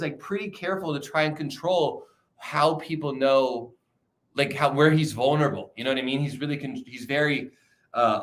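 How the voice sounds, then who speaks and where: A man's voice: medium pitch, fairly bright tone. A young man chatting casually on a livestream, loose and profane, rambling with frequent restarts. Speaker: streamer.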